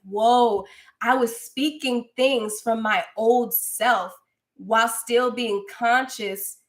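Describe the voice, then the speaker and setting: A woman's voice: a little high, fairly bright tone. A young woman hosting a casual livestream, chatting effusively with viewers and calling them girl. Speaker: livestream host and spiritual coach. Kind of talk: casual livestream chat reading comments.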